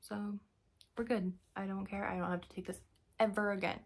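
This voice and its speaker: A woman's voice: mid-range voice, little pitch movement, moderate pace, vocal fry, breathy edge. A young woman giving a casual vlog update, telling a story in a chatty, exasperated way with sighs and fillers. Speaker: vlogger.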